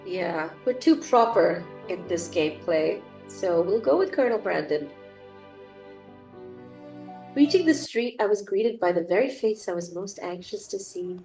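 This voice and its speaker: A woman's voice: lowish voice, lively intonation, a little slow, a little mellow, faint music behind, poor audio. A young woman with a cold, streaming a dating sim and reading its text aloud with chatty, gushing asides. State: has a cold. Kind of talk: reading game text aloud with casual commentary.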